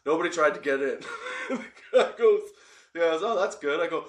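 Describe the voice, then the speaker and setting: A man's voice: fairly high pitch, animated, brisk, reverberant. A man telling a wild story in casual talk, swearing, laughing often and checking in with "okay?". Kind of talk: casual anecdote.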